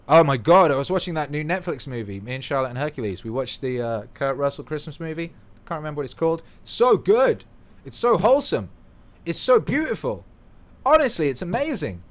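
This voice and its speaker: A man chatting on his own livestream, loose and excitable, cursing freely. He drops to a mumble, then bursts out loud and gushing. His voice sits at an ordinary middle pitch for a man. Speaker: livestream host. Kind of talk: casual livestream chat.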